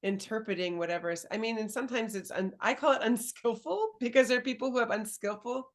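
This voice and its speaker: A woman hosting a casual interview as a coach, speaking thoughtfully and searching for her words with soft laughs. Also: on the high side, quick pace. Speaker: dating and embodiment coach, host.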